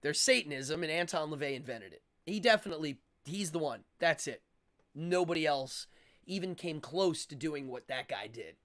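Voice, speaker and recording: A man's voice: on the high side, expressive, moderate pace, fairly bright tone. Rambling, opinionated male livestream host. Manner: rambling, opinionated, with frequent fillers and restarts. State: out of breath. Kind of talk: casual livestream chat.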